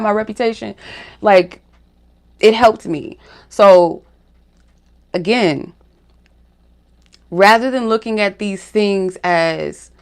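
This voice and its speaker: A woman's voice: medium pitch, clean tone. A woman hosting her spiritual reading channel, talking frankly to camera in a casual monologue full of fillers and asides. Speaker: spiritual reader and channel host.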